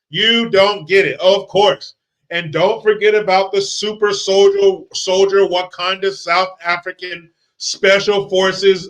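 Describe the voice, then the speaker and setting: A man's voice: sits high, pushed and bright. A man ranting in a movie commentary, profane, sarcastic and heated. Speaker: movie reviewer.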